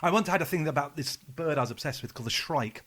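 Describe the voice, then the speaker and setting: A man's voice: on the high side, lively intonation, quick pace, a bit bright. A man co-hosting a podcast, telling long rambling stories full of restarts and swearing. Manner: rambling storyteller, swears freely, many restarts. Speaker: podcast co-host. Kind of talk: casual chat.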